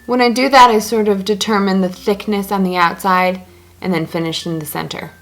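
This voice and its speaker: A woman's voice: medium pitch, fairly even intonation, fairly quick, a bit bright. Chatty woman doing a makeup vlog at home, jokes around, faint music behind her. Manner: chatty, self-narrating each step; joking asides. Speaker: beauty blogger. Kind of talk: casual makeup tutorial.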